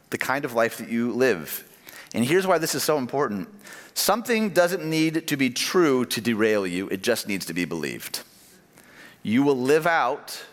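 A man in his thirties delivers a sermon in an easygoing, talkative way, tossing questions and asides to his listeners. His voice sits a little high for a man. The sound carries a long, ringing reverb from a large hall. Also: a bit bright. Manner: conversational preaching with asides and questions to the congregation. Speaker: pastor.

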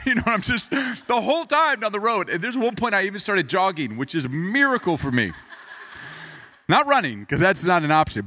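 A man preaching a sermon, telling a self-deprecating personal story with lots of energy and then turning quiet and earnest as he moves into scripture. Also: fairly high pitch. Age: adult. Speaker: pastor.

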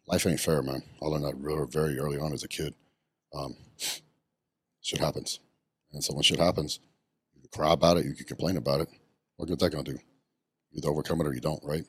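A man's voice: a bass voice, steady tone, fast talker, long pauses, slightly rough, no echo. A middle-aged man, telling his story bluntly in a casual podcast interview, swearing often. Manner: blunt and profane, many ums. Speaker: podcast guest, retired bodybuilder.

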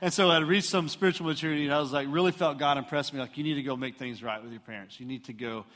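Middle-aged Houston preacher, a touch high, animated storyteller, long hall echo. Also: male voice, very fast. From Houston, Texas. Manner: animated, self-mocking storyteller who acts out voices. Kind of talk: storytelling sermon. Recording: reverberant hall.

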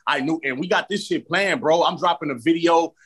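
Rapper from California, man, casual slangy interview guest, voice sits a bit high. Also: fairly quick, slightly rough. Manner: slangy, animated storytelling with many repeated starts.

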